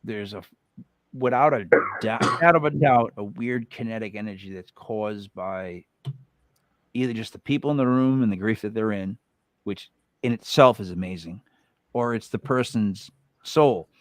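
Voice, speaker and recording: A man's voice: on the low side, normal speed, dry recording, poor audio. An American man hosting a podcast, chatting casually in a blunt, joking way and swearing freely. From United States. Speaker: podcast host.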